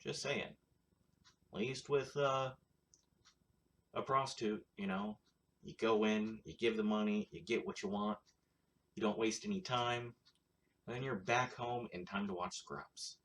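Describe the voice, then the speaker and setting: A man talks at an unhurried, drawn-out pace in a somewhat low voice, hosting his own casual commentary show. He rambles from point to point with blunt, crude remarks and dry sarcasm. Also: fairly bright tone. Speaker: show host.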